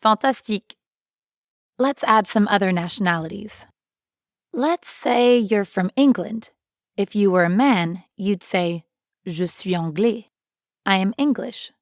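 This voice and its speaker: A woman co-hosting a scripted language lesson, speaking clearly and encouragingly. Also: mid-range voice, lively intonation, unhurried, no room sound, studio quality. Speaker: French teacher.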